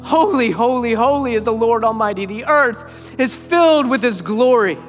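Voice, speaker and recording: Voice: mid-range voice, normal speed. A preacher delivering an emphatic sermon, repeating phrases for weight, in a church sanctuary. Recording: long hall reverb with faint music.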